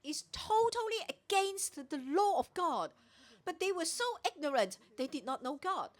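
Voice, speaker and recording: Her very high voice is extremely animated, and she keeps a moderate pace. The woman is preaching a Bible teaching sermon at a morning prayer meeting, going through the passage verse by verse and performing the characters' lines.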